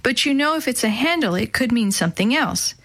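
A woman's voice: fairly high pitch, lively intonation, a little fast, a bit bright. A woman voicing a curious, determined young boy in a children's audiobook, speaking eagerly.

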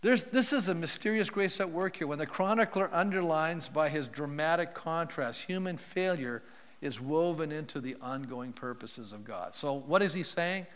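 Speaking at normal speed, a man with a voice on the high side and a fairly bright tone preaches in church. He tells a Bible story conversationally and asks the congregation questions, and the sound has the long reverb of a large hall.

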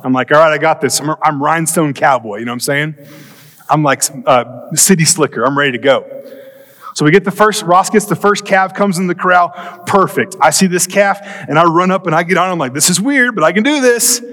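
A man with a high voice tells a comic story from the pulpit, racing ahead and then stretching words out slowly. His voice rings with the long reverb of a church hall. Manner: animated, comic storytelling with quick bursts and drawn-out pauses. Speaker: pastor. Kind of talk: storytelling sermon.

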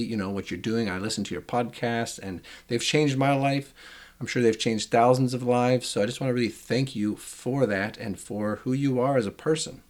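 Relaxed man hosting a podcast. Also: medium pitch. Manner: warm-hearted thanks, relaxed, fillers. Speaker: podcast host. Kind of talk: casual podcast interview.

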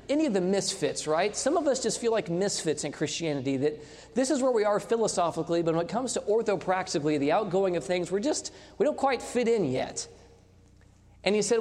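A man's voice: sits high, sing-song, normal speed, darkish tone. A man in his thirties preaching a sermon, telling a story with quoted dialogue and putting questions to the congregation. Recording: long hall reverb.

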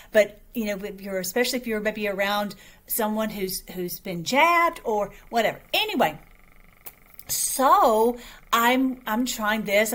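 A woman's voice: a little high, fairly bright tone. A woman hosting an online show, talking casually to her viewers in a rambling, chatty way with many restarts, her voice a little weak and short of breath.

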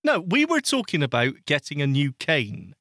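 A man's voice: on the high side, wildly swooping pitch, moderate pace, a bit bright, no room sound, studio quality. A man co-hosting a podcast, bantering and teasing in casual chat. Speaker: podcast co-host.

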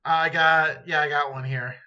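A man's voice: a little high, steady tone, moderate pace, pushed and bright, highs cut off. A man cohosting a podcast in casual chat, joking and rambling and swearing now and then. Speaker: podcast co-host.

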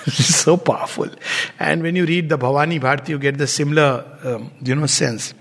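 Male lecturer, high voice, chuckles between lines, explains as he reads, long hall reverb. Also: steady tone, normal speed, creaky, a bit bright. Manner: laughs often, stops to explain. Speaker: teacher. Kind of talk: lecture with poetry readings.

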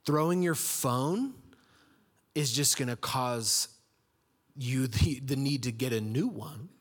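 Storytelling male preacher. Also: medium pitch. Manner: storytelling, conversational, acts out quotes. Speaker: pastor. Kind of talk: sermon.

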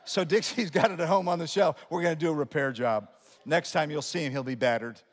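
A male pastor preaching a sermon in an animated way, jumping between loud emphatic lines and quiet asides, with humorous remarks to his congregation. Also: a little high, fairly quick. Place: church sanctuary. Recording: long hall reverb of a church sanctuary.

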